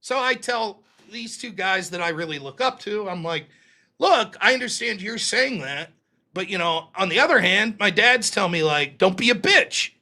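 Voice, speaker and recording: A man's voice: sits high, moderate pace. A man in his thirties hosting a live stream, telling a long personal story with lots of swearing and acted-out quotes. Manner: profane, animated storyteller acting out quoted voices. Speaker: host.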